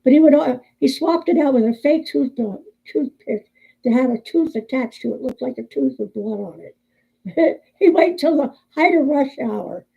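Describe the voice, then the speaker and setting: A woman's voice: high voice, animated, moderate pace, gravelly, slightly rough, phone-quality sound. A woman in her sixties chatting casually on her vlog, telling family jokes and laughing often. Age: 60s. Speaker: crochet vlogger. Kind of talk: casual chat and joke storytelling.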